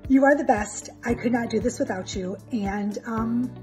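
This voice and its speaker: A woman's voice: a little high, moderate pace, mellow, faint music behind. A woman giving an emotional, grateful testimonial about her coach. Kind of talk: recorded testimonial.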